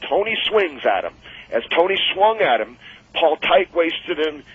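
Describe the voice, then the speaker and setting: A man telling wrestling-road anecdotes on a radio call-in show, animated and acting out the voices of the people in his stories. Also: fairly high pitch, measured pace. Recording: dull lo-fi radio audio.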